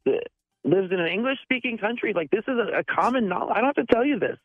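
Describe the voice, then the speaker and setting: A woman's voice: medium pitch, animated, fast talker, slightly rough, no room sound, soft background music. A woman calling in to a radio show, talking bluntly and sounding exasperated. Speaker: radio caller. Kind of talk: phone-in radio chat. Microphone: telephone. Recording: tinny phone line.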